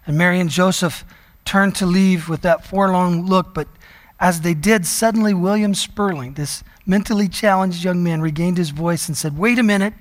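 Man, pastor, sermon storytelling, high voice, emphatic slow phrases, long hall reverb. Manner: storytelling preacher, slows down for emphasis.

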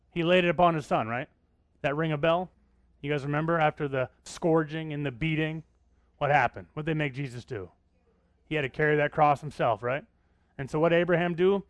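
A male pastor preaches a Bible sermon in a conversational way, often stopping to ask his listeners questions. His voice sits a little high for a man, and the sound is dry and close. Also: no echo. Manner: conversational, asking the congregation questions.

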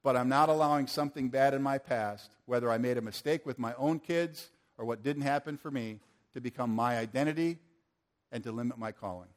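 A man's voice: medium pitch, a little fast. An older man preaching a sermon to a church audience, earnest and asking the room questions.

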